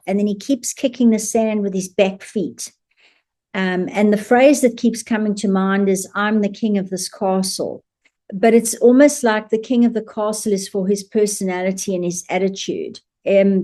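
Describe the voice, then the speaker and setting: Warm-voiced woman telling an amused story. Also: medium pitch. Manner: chatty and amused, with frequent laughter. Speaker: animal communicator. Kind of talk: casual storytelling to camera.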